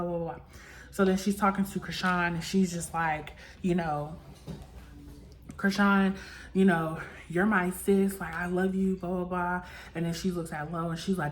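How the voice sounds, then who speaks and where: A young woman in casual chat, recapping a reality show, talking loosely with lots of "like" and acting out what people said. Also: on the low side. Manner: chatty, full of "like" and acted-out quotes.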